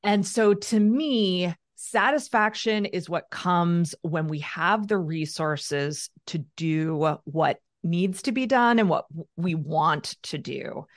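A woman guest on an interview podcast speaks with a slightly low voice. She is measured and thoughtful, building her points and putting weight on key phrases. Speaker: author guest. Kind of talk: casual conversational interview.

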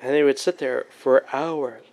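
A man's voice: medium pitch, steady tone, unhurried, a little mellow. A young man in casual chat, tipsy with the hiccups, talking loosely and swearing.

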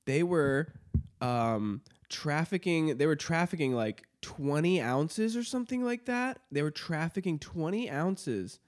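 A man's voice: fairly high pitch, expressive, a little slow. Rambling, profane podcast host, a man. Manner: rambling, profane, laughing often. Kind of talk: casual chat. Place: studio.

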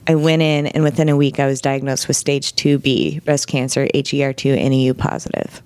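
A woman's voice: a bass voice, brisk, dry recording. A middle-aged woman, a guest in an interview, telling a personal story frankly and animatedly, acting out what people said. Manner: frank, animated, vivid retelling with quoted dialogue.

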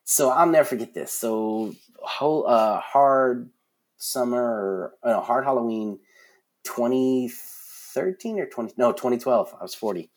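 A man in his forties telling stories as a guest in a casual interview, animated, with many fillers and restarts. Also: mid-range voice, a little slow. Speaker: concert production guest.

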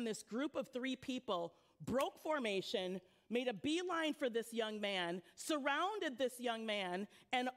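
A woman youth pastor giving a church sermon, praying and then telling stories in a relaxed, conversational way with frequent laughter. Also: fairly high pitch. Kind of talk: sermon with storytelling. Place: church sanctuary.

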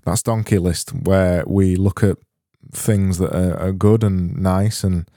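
A man hosting a solo comedy podcast, rambling deadpan and often stopping to correct himself. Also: low voice, slow pace, loud music behind the voice. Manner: rambling, self-interrupting, deadpan. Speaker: podcast host.

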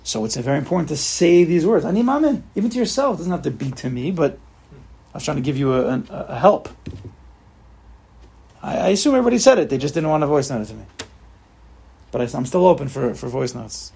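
A man leading an informal religious study group, animated and repetitive, acting out examples for his listeners. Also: fairly high pitch, fast talker, gravelly, pauses often, breathy edge. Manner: animated, repeats himself, acts out examples. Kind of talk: informal religious class talk.

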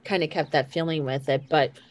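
A woman's voice: sits low, fairly even intonation, fairly quick. A woman from Indiana hosting a casual chat and asking a guest follow-up questions. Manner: chatty, interviewing with follow-up questions. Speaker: podcast host.

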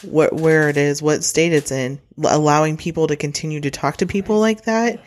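A man's voice: on the high side, fairly quick. A man in a casual discussion, earnestly making a point.

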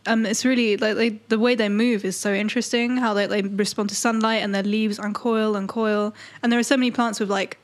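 A woman's voice: mid-range voice, a little fast, few pauses. A woman co-hosting a podcast in casual chat, talking freely and laughing often. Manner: laughs often, chatty and animated. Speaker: podcast co-host.

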